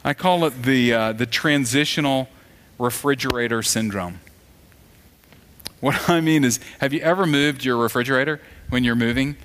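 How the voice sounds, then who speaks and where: A man delivers a sermon in an easy, conversational way at a middle pitch. He tells stories and acts out the voices of the people in them. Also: normal speed, fairly bright tone. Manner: conversational storytelling preacher who acts out quoted voices. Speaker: pastor.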